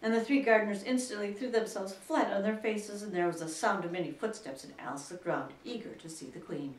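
A woman librarian reading a children's chapter book aloud in a slow, deliberate way. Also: mid-range voice, recorded from a distance, slight background noise. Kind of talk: storybook read-aloud. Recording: echoey room, voice from afar.

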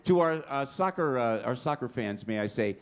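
A man, hosting a live stand-up show and chatting loudly with the audience. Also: mid-range voice, expressive, normal speed. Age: 60s. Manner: brash, loud, chatty with the audience. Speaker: comedy show host. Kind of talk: stand-up crowd work. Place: packed comedy club stage. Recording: live club with crowd noise.

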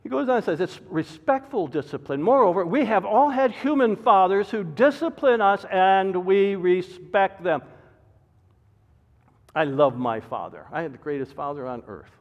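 Older male preacher, high animated delivery, dull echoey church recording. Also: moderate pace. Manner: preaching with sudden loud emphatic bursts and soft asides. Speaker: pastor. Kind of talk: sermon. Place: church sanctuary.

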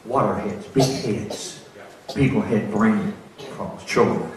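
A man's voice: fairly low pitch, slow, a little mellow. An older American man telling testimony stories in a folksy sermon, sometimes building to fervent exclamations, in a church. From United States. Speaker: preacher giving testimony. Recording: echoey church hall.

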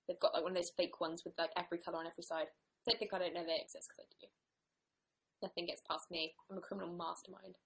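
A woman's voice: on the low side, flat delivery, fast talker, gravelly, poor audio. A young woman co-hosting a casual livestream, giggly, playful and teasing. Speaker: livestream co-host. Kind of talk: casual chat.

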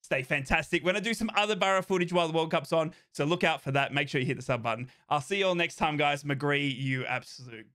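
A young man reacting live to a football match, talking nervously to the game and breaking into excited cheering. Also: on the high side, fast talker, few pauses. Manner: excitable, anxious then euphoric, talks to the match.

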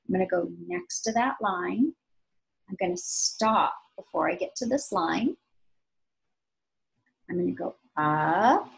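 A woman teaching young children to draw, giving slow, patient, sing-song step-by-step instructions. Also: lowish voice, sing-song, vocal fry, poor audio. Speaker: art teacher.

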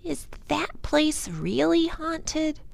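A woman voicing a defiant, eager young girl in a storybook, speaking high and emphatically. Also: big pitch swings, extremely slow, vocal fry, full character voice.

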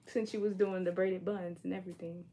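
A woman's voice: fairly low pitch, level tone, a little fast, warm tone. Woman teasing young client chatting. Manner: teasing, talkative, reads viewer comments. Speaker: hairstylist and client. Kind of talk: casual chat.

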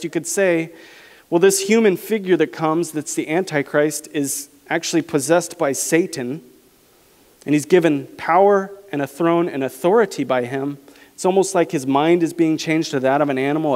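A male pastor preaching a sermon, reading scripture aloud and slowing down to stress key phrases. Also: a little high, darkish tone. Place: church sanctuary. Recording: church hall reverb.

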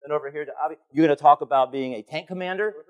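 A man giving a conference keynote on stage, animated and playful as he calls volunteers up from the audience. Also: on the high side, very fast. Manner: animated, calling to the crowd, playful. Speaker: keynote speaker.

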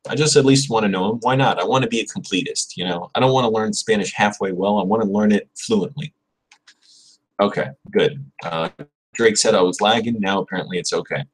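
A man with a fairly low, husky voice talks casually on a livestream. He rambles and corrects himself as he studies. He repeats verb forms over and over, slowly and with care. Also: low-quality recording. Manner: drills verb conjugations aloud, repeating words slowly; rambling, self-correcting, chatty with viewers. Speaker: livestream host studying Spanish. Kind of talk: casual livestream, thinking aloud.

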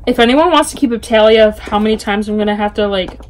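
A woman excitedly unboxing a package in her bedroom for a casual book vlog, gushing and chatty. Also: medium pitch, fast, slight background noise. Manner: gushing, chatty, full of little gasps and exclamations. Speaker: book vlogger.

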